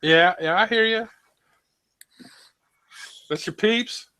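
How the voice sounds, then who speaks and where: A man's voice: high voice, slow, sharp tone, clear, resonant tone. Laid-back man. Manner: laid-back, says "man" and "dude" a lot. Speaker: panelist. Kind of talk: casual chat.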